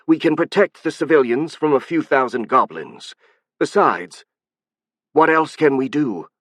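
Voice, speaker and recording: A shrill, alien-sounding hive queen, as a male audiobook narrator puts her on, proud and stubborn. The voice sits well above the reader's own, forceful and defiant, recorded dry and close. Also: expressive, measured pace, dry recording.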